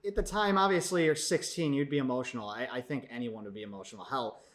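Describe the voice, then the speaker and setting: A man's voice: medium pitch, fairly bright tone. Bantering man in a casual chat. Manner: banters, teases and interrupts with quick reactions. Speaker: podcast co-host.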